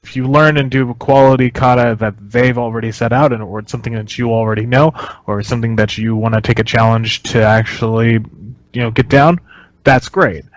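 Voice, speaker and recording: A man of mid pitch talks things through in a casual, reflective way, sometimes halting as he searches for the right words. The sound is dry and close, with no room echo. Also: fairly even intonation. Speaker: podcast co-host. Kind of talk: casual conversation.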